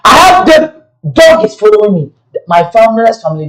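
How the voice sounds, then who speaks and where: A man's voice: high-pitched, sing-song, a little fast, poor audio. A man giving casual, rambling commentary, switching between pidgin English and local languages.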